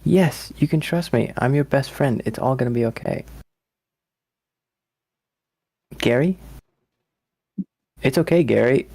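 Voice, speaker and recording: A man's voice: medium pitch, moderate pace, creaky, a little mellow, dry recording. A man voicing a lonely, clingy woman who coaxes and pleads with the friend she is holding captive. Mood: soothing. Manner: pleading, coaxing. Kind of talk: live comedic script reading.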